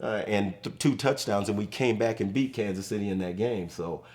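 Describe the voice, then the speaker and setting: An older man in his sixties sits in a studio as a guest and tells football stories. He talks casually and gets animated when he acts out what people said. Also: on the low side, moderate pace. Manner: animated storyteller, acts out quotes. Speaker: guest, former pro football player. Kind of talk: casual studio chat, storytelling. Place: studio set.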